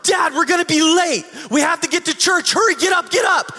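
A man voicing excited little kids who urge their parents to hurry to church. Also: a little fast. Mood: urgent. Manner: shouting high and loud. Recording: long hall reverb.

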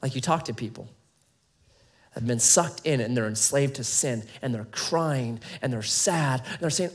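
A man preaching a sermon in a conversational, animated way, full of rhetorical questions to his listeners. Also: mid-range voice, moderate pace. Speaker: pastor.

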